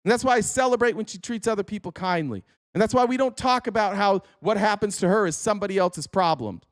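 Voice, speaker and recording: High-voiced, blunt, profane man. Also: dry recording, studio quality. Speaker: political commentator. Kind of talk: opinion commentary monologue.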